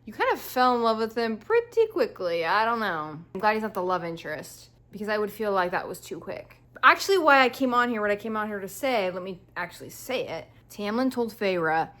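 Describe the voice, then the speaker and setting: A young woman vlogging her reading reactions, chatty and animated, full of "like" and playful mock quotes. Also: medium pitch, brisk, few pauses. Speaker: book vlogger. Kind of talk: casual reading reactions to camera.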